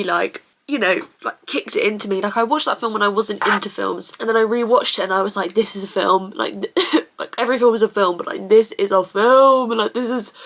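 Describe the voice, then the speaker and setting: A woman's voice: a little high, a bit bright. A woman vlogging in a casual confessional way, rambling emotionally with lots of fillers.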